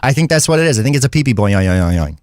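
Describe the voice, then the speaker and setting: A man's voice: mid-range voice, racing, no echo, studio quality. A man co-hosting a comedy call-in podcast, joking around in a goofy, playful way. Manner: goofy, playful, trails into laughter. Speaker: podcast co-host. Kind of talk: casual comedic chat.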